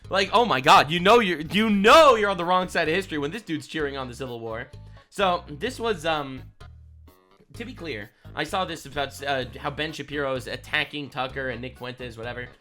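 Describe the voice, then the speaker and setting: A young man doing a reaction stream in a bright, forceful, slightly high voice. He is incredulous and excitable, swinging from loud disbelief to quick asides, with faint music playing behind him. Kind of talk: reaction commentary.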